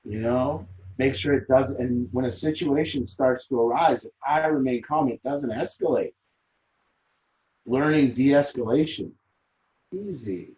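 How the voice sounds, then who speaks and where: A man's voice: medium pitch, measured pace, a little mellow, muffled recording. A man leading a recovery support group, talking earnestly and emphatically, often repeating phrases as he explains. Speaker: group leader.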